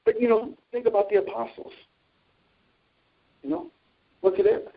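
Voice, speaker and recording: A man's voice: very high voice, normal speed, creaky, phone-quality sound. A man preaching informally on a Christian talk show, telling stories from his own life and reading scripture. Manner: animated storytelling with scripture readings.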